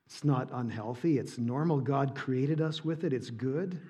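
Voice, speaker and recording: A man preaching a sermon in church, earnest and emphatic, dropping soft on key points. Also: medium pitch, a little slow, slightly rough. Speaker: pastor.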